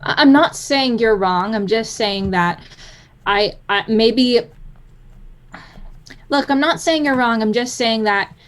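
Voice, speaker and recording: A woman's voice: a little high, slow, pauses often. A woman playing her character in a tabletop game, often stumbling and restarting her sentences. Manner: hesitant, stammering restarts.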